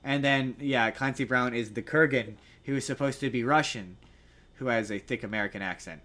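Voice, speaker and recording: A man's voice: mid-range voice, fairly quick, sharp tone. A man co-hosting a podcast, chatting casually about films, rambling and correcting himself as he goes. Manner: rambling, self-correcting, jokey. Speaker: podcast co-host. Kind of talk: casual movie chat.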